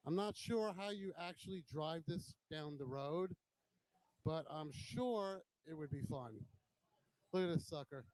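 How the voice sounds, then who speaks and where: Male host, slightly high voice, casual admiring walkaround banter. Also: unhurried, darkish tone, no room sound, poor audio. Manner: chatty, admiring, joking.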